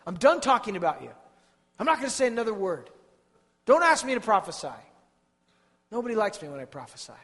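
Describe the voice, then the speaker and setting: A man's voice: high-pitched, very animated, a bit bright, in a large hall, pitched above the performer's own voice, heavily acted. A man voicing a frustrated, weary male prophet who pleads and stumbles over his words. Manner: pleading, halting with repeated words.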